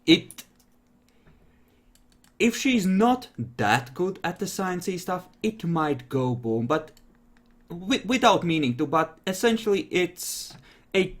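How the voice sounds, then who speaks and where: A man's voice: high-pitched, very animated, takes it slowly. A man running a tabletop role-playing game, explaining things with frequent fillers. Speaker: game master.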